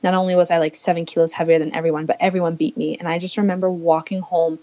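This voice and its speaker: A woman's voice: fairly low pitch, little pitch movement, quick pace, darkish tone, dull audio. A woman in her twenties from the United States, telling her own story earnestly as a podcast guest and voicing her past thoughts aloud. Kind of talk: candid personal storytelling.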